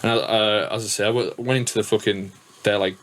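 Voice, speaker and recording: A man's voice: lowish voice, fairly even intonation, quick pace, fairly bright tone. A man with a northern English accent hosting a podcast, telling rambling stories with lots of swearing and restarts. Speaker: podcast host and DJ. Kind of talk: casual podcast chat.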